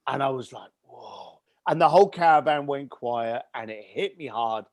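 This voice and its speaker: A man guest on a podcast, telling a personal story in an animated way and acting out the voices of his family. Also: medium pitch, moderate pace, hardly any pauses, dry recording, clean studio sound. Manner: animated storyteller who acts out family dialogue. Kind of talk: storytelling interview.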